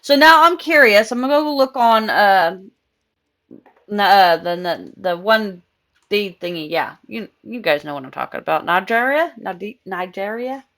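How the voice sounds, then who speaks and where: A woman's voice: medium pitch, animated, moderate pace, a bit bright. A young woman chatting casually on a live game stream, rambling through a story and laughing often. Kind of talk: casual live-stream chat while gaming.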